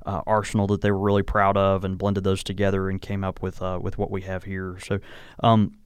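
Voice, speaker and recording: Smooth-voiced man hosting a whiskey chat. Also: low voice, completely flat delivery, fairly quick, dry recording, studio quality. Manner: easygoing, tasting and reviewing whiskey. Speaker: podcast host. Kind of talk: casual chat. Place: small home studio being moved out of.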